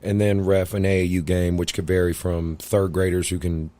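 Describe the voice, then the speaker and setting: A man hosting a podcast in a casual chat, a basketball coach who is blunt and animated, swearing and laughing. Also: sits low, normal speed. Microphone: podcast microphone.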